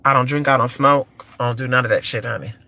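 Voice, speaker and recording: A man from California hosts a casual live-stream chat, speaking fast in a gravelly, bright, forceful mid-range voice with fairly even intonation. He's flamboyant and sassy, calling listeners honey and cheering the chat with repeated "come on" over a phone or computer mic.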